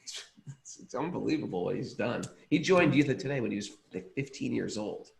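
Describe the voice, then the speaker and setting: A man's voice: medium pitch, expressive, moderate pace, creaky. An enthusiastic man, a podcast co-host chatting casually and rambling over his own words. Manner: enthusiastic, rambling, self-interrupting. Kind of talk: casual chat.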